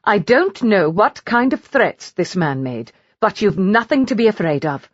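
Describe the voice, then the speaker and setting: A woman's voice: mid-range voice, very animated, a little slow, dry recording, dull audio. Woman voicing a fierce, commanding reformer lady. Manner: sharp and commanding. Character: fiery, righteous noblewoman reformer. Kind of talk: audiobook character reading.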